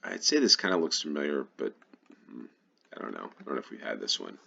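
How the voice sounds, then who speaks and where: A man's voice: a bass voice, very animated, quick pace, vocal fry, bright, forceful tone, husky, muffled recording. A man from New York with a Western New York accent, thinking aloud while playing a geography guessing game, hesitant and full of ums. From New York, USA. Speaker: GeoGuessr channel host. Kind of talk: casual gameplay commentary.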